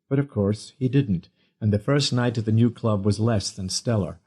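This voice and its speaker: A man narrating an audiobook in a measured storytelling manner. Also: on the low side, a little mellow, husky.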